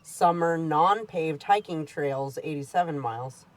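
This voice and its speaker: A woman's voice: sits low, measured pace. A woman chatting casually beside her husband on a vlog, reading off facts in a matter-of-fact way with brief replies. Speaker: host's wife, co-presenter.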